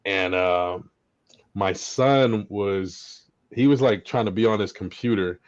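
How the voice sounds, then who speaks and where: A middle-aged man co-hosting a podcast, telling a family story in a relaxed, casual way. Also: lowish voice, takes it slowly, no room sound, dull audio. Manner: relaxed, affirming, tells anecdotes. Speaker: podcast co-host.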